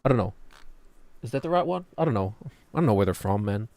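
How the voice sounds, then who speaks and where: A New man streams a game and talks in a loose, rambling, joking way. His voice sits low. The sound is dry and close to the mic, with no room around it. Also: animated, fast, creaky, dark tone, no room sound. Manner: rambling, jokey, drifts into put-on British voices. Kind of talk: casual gameplay chatter.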